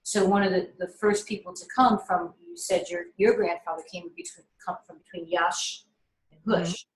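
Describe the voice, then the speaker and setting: A middle-aged woman filmmaker telling stories casually on a video call, animated and full of restarts. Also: fairly low pitch, normal speed. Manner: animated, with frequent restarts and fillers. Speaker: filmmaker being interviewed. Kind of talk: casual conversational storytelling. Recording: echoey room on a video call.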